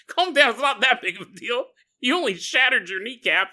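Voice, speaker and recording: A man plays a flippant male emergency room shrink who brushes off a patient's pain. His voice is loud, high and piercing, and he sounds off from the mic. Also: sing-song, normal speed, heavily acted. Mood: dismissive.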